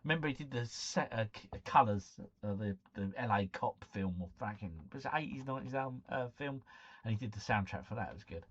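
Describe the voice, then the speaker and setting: A man's voice: medium pitch, lively intonation, a little fast, dull audio. A man hosting a casual live stream, chatting to viewers, reading out quiz scores and breaking into bits of song.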